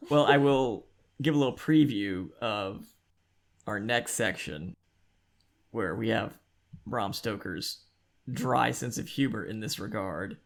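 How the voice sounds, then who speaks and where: On a podcast, a male co-host with a lowish voice speaks slowly with vocal fry and frequent pauses. In an easygoing book discussion, he guides the chat through a novel's plot.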